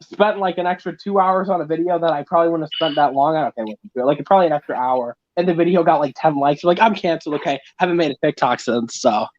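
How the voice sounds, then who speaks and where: Young man, slightly high voice, self-mocking rambler, muffled lo-fi call audio. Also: fast talker, few pauses, darkish tone, a little hiss or hum. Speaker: guest on a live stream. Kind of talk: casual chat.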